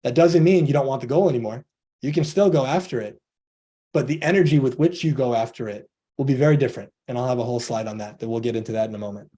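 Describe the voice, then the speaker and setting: A man's voice: medium pitch, fast, warm tone. A man giving a motivational coaching talk on a video call, earnest, acting out both sides of imagined conversations.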